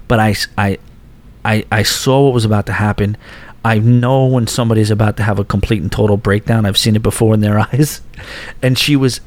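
A man hosting a podcast, telling a casual story and quoting people in lively raised voices. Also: on the low side. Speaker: podcast host.

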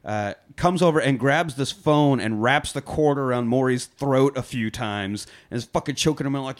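A man co-hosting a podcast, retelling a film scene with lively, profane energy and acted-out quotes. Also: mid-range voice, normal speed, few pauses. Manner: animated storyteller, heavy swearing, acts out quotes. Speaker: podcast co-host. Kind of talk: casual film-review chat.

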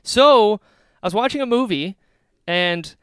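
A man's voice: high-pitched, expressive, measured pace, a bit bright, smooth, no echo, studio quality. A man in his twenties co-hosting a podcast, telling a story emotionally with lots of sighs. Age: 20s. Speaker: podcast co-host. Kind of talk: casual chat.

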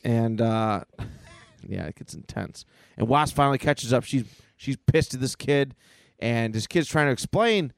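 A man's voice: mid-range voice, expressive, unhurried, gravelly, clear, resonant tone, no room sound. A man co-hosting a casual podcast, enthusiastically retelling an old comic book aloud. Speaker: podcast co-host. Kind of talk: casual chat.

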